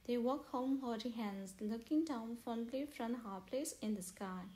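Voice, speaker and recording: A woman reading children's stories aloud. Her delivery is steady and clear, and her voice sits a little higher than most. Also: measured pace. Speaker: storyteller.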